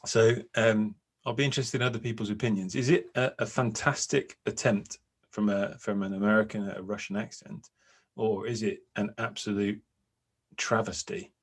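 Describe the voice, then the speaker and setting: A man's voice: fairly low pitch, fairly even intonation, moderate pace, slightly rough. A man co-hosting a podcast from home, musing thoughtfully in casual chat, often hesitating. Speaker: podcast co-host and agile coach.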